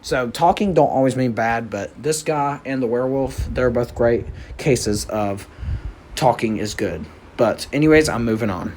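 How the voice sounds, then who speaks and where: A man's voice: medium pitch, normal speed, a little mellow. A man hosting a casual vlog about Halloween props, rambling with lots of fillers and restarts, and hiccuping now and then. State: has the hiccups. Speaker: YouTube host reviewing Halloween props.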